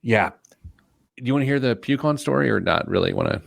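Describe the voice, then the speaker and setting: A man's voice: medium pitch, expressive, brisk, gravelly, no echo, clean studio sound. A man hosting a radio show, chatting casually with a co-host and joking at his own expense. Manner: joking, self-deprecating banter. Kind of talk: casual chat. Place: radio studio.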